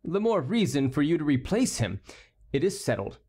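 A man's voice: a little high, very animated, moderate pace, dark tone, breathy edge. A man voicing a witty, mocking male court jester in a storybook reading, with a teasing, playful delivery.

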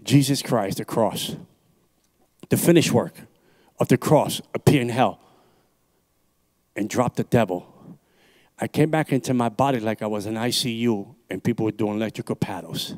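A man's voice: on the low side, normal speed, pauses often, darkish tone. A man from New York City, an evangelist preaching his personal testimony into a handheld microphone at a church service, intense and emphatic, repeating his phrases.

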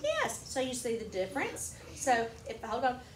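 Teacher in an echoey classroom. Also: female voice, on the high side, huge pitch swings, normal speed, a little hiss or hum. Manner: patient, explains with examples. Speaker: kindergarten teacher.

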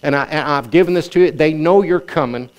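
A male pastor preaching a sermon, telling a long example story and moving from quiet, confiding lines to raised, urgent exhortation. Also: a little fast, muffled recording. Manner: storytelling preacher, swings from low confiding tones to raised exclamations.

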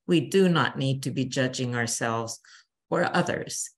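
A woman's voice: a bass voice, unhurried. An older woman, a bereavement counselor, giving a chatty talk to a church grief group and acting out little quotes. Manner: warm, chatty teacher, acts out quotes.

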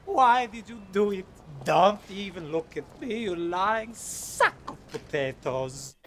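An actor playing an excitable middle-aged Italian heir in a film, theatrical and accusing, with an Italian accent. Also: male voice, high voice, slow, a little hiss or hum, heavily acted. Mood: wounded, accusing. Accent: put-on Italian.

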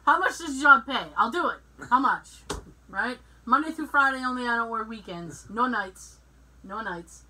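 Podcast co-host, woman, high bright voice, unhurried animated storytelling. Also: a little hiss or hum, poor audio. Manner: animated, laughs often, acts out dialogue. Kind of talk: casual storytelling chat.

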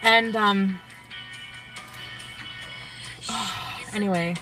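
A woman's voice: mid-range voice, fairly even intonation, extremely slow, far from the mic, low-quality recording. A young woman vlogger chatting to her viewers, giddy and gushing, full of likes and sighs. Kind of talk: casual chat to viewers. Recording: music in the background. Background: music playing.

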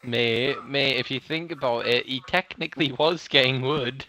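A man's voice: medium pitch, bright, forceful tone. A man chatting casually with friends over a game, teasing them with crude jokes. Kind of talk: casual gaming chat with friends.

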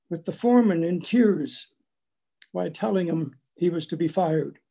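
An older man from Canada giving a prepared lecture, telling family stories in a measured way with small restarts. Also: high voice, vocal fry, dark tone. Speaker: guest lecturer.

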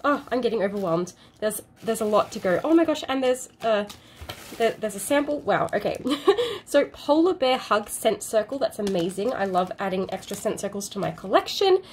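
A woman's voice: medium pitch, lively intonation, normal speed, a little hiss or hum. A woman with an Australian accent, gushing and exclaiming as she unboxes products for her channel. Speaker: unboxing vlogger. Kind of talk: excited unboxing chat.

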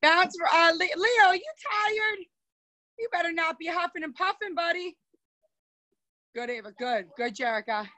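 Karate instructor, young woman, high bright voice, brisk commanding drill cues over a video call. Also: far from the mic, rough recording.

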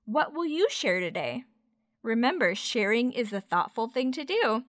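A woman teacher reading a children's picture book aloud, expressive and gentle, pausing to explain words. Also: on the high side, dry recording, clean studio sound. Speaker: teacher, storyteller. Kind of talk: children's story read-aloud.

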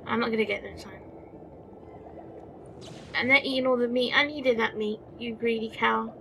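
A woman's voice: fairly high pitch, steady tone, moderate pace, vocal fry, dull audio, slight background noise. A woman giving casual let's-play commentary, chatty, talking to the game creatures, exclaiming and muttering as she plays. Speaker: gameplay commentator. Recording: music playing behind the voice.

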